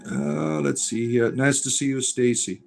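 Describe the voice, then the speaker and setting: A man's voice: mid-range voice, fairly even intonation, unhurried, creaky, darkish tone, faint music behind. A middle-aged man hosting a casual livestream, reading viewer comments aloud and rambling with many fillers. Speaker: livestream host reading chat.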